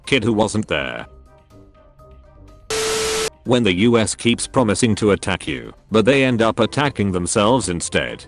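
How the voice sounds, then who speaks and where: A man narrating a meme compilation, reading captions aloud one after another with brisk jumps between jokes. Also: on the low side, lively intonation, over music.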